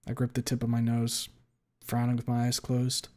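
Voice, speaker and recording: A man's voice: medium pitch, monotone, normal speed. Man narrating an angry first-person story. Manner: hushed, then swearing and tightly angry. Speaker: streamer reading a story aloud.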